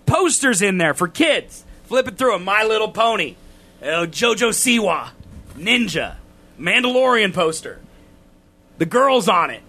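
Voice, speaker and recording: A man co-hosting a casual podcast, ranting loudly and getting exasperated. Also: high voice, sing-song, unhurried. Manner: loud, exasperated ranting that climbs into shouting. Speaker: podcast co-host.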